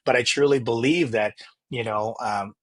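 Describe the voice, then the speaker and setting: A mid-range, slightly rough male voice at normal speed. He's a real estate agent appearing as a podcast guest, talking earnestly in casual interview chat while often restarting and repeating words.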